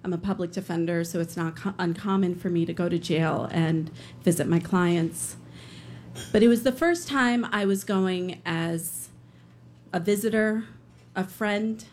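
A woman's voice: fairly low pitch, darkish tone, a little hiss or hum. A woman telling a personal story live on stage, earnest, with some hesitant fillers.

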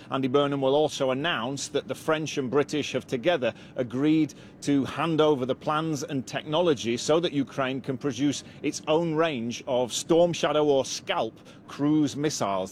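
A man reporting as a foreign news correspondent, explaining the day's events in a brisk way. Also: mid-range voice, a little hiss or hum.

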